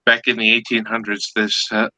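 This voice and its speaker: A man's voice: on the low side, completely flat delivery, moderate pace, bright, forceful tone, low-quality recording. Rambling man telling jokes. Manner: rambling with many fillers. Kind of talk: casual chat, telling jokes.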